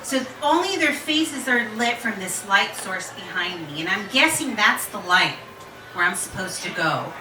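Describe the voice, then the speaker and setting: A woman's voice: mid-range voice, normal speed. Woman in her forties, candid live storyteller, laughing and cursing, distant mic, noisy echoey hall. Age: 40s. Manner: candid, animated, laughing, swearing freely. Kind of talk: personal story told to a live audience.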